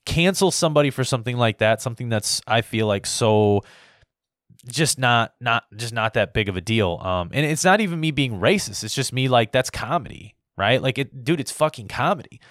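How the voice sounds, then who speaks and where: A man's voice: medium pitch, expressive, normal speed, fairly bright tone, no echo, studio quality. A man in his early thirties ranting in a casual, heated way, swearing often and rambling with lots of fillers. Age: 30s. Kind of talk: casual opinion rant to camera.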